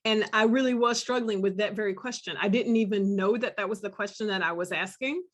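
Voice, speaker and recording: A woman's voice: mid-range voice, brisk. Thoughtful woman on a panel. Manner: thoughtful, many fillers and restarts. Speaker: panelist and scholar. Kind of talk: panel discussion.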